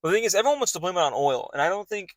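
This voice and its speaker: A man's voice: high voice, sing-song, very fast, no room sound. A young man, hosting a podcast in loose, rambling casual chat full of fillers and restarts. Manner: rambling, filler-heavy talk with many restarts. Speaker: podcast host.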